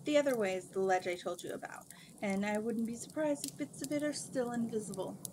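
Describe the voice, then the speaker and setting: A brisk, sensible young princess who urges her friend along, as a woman reads her lines. Her voice sits a touch higher than plain talk in this storybook reading, with hiss behind it. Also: natural voice. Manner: matter-of-fact and urging.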